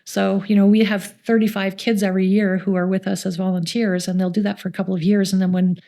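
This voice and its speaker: In this storytelling interview, a youth community centre coordinator, a middle-aged Canadian woman, talks fast at a medium pitch with little rise and fall. She tells warm anecdotes and performs the quoted voices of the people involved.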